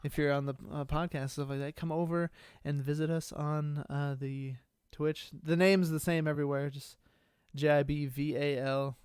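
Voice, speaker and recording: Chatty man with a clear, dry voice. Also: fairly high pitch, little pitch movement, moderate pace, a little mellow, no echo. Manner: rambling, many fillers and restarts. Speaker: podcast co-host. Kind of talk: casual podcast chat.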